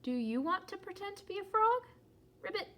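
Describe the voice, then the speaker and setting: Cheerful reassuring storybook pig, voiced by a woman; bright high voice. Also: a little fast. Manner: calm, patient, reassuring. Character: cheerful playful female pig. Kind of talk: children's storybook read-aloud.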